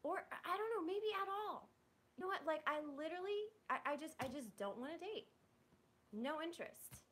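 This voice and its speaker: A woman's voice: very high-pitched, expressive, normal speed, fairly bright tone. A young woman on a livestream, venting bluntly to her chat, swearing and restarting her sentences. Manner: frustrated, blunt and profane, with many "like"s and restarts. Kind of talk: venting live to stream chat.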